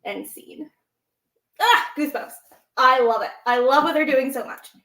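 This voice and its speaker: Woman, co-host, slightly high voice, animated storytelling, echoey room. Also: a little slow. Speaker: podcast co-host. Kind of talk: casual chat, retelling scenes. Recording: roomy echo.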